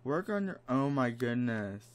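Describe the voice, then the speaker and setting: A man's voice: medium pitch, big pitch swings, measured pace, slight background noise. A man giving casual commentary while playing a life-sim game, exasperated and dramatic, mock-scolding the characters. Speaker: let's play gamer. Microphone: desk microphone.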